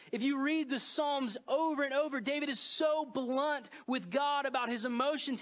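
A man in his thirties preaching a sermon as pastor, earnest and emotional, swinging between loud pleas and hushed lines. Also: extremely high pitch, moderate pace, hardly any pauses.

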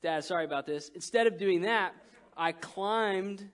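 A male pastor with a high voice preaches with lively storytelling. He jumps from loud, excited bursts to soft, hushed lines. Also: a little slow. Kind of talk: sermon.

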